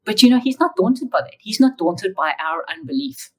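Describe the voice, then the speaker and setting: A woman telling her personal testimony as an interview guest, in an emotional, animated way. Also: fairly high pitch, moderate pace, slightly rough, rough recording.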